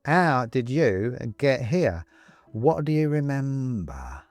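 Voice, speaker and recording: A man playing a slow, creepy skeleton. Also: medium pitch, very animated, no room sound. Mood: creepy coaxing. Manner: slow, drawn-out, falsely soothing. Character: creepy coaxing talking skeleton ornament.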